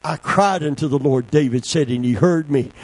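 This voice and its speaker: A man's voice: mid-range voice, moderate pace, no room sound, rough recording. A man preaching a sermon to his congregation, a fervent preacher telling a personal testimony and repeating key words for emphasis. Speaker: pastor.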